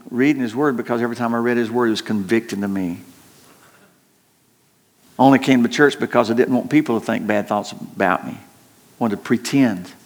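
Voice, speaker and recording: An older man preaching a sermon in an earnest tone, repeating words and slowing down to stress his points. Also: medium pitch, creaky. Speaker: pastor.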